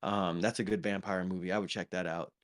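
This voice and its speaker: A low-pitched man speaks briskly in a steady tone as he co-hosts a podcast. He chats casually about films, rambling with lots of ums and restarted phrases.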